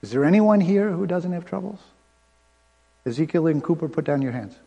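A man preaching a sermon as pastor, conversational, with quick asides and bursts of fast talk. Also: fairly high pitch, expressive, creaky, dark tone, muffled recording. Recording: long hall reverb.

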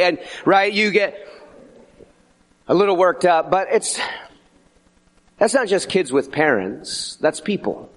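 A middle-aged man preaching a sermon as pastor, animated and conversational, slipping into acted asides. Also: sits high, takes it slowly, long pauses.

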